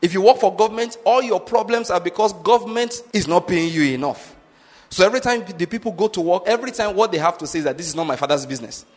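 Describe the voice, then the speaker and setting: A man's voice: sits high, quick pace, a little mellow, long reverb tail. A man preaching a sermon as pastor, emphatic and repeatedly checking that listeners follow his point.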